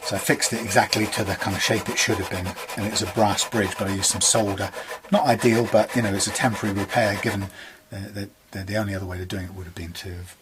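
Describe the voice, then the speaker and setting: A man's voice: fairly low pitch, steady tone, fast, background noise. A man with an English accent chatting casually about a guitar repair in his workshop, rambling and bemused, laughing often.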